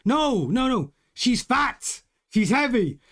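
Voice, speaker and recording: A man's voice: very high voice, sing-song, a bit bright, pitched above the performer's own voice, exaggerated voice. Man putting on a stammering driver with a bad Spanish accent. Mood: awkward, hesitant. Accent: mock Spanish, put on badly. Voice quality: halting, stammering, repeats himself. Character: flustered male racing driver with a put-on accent.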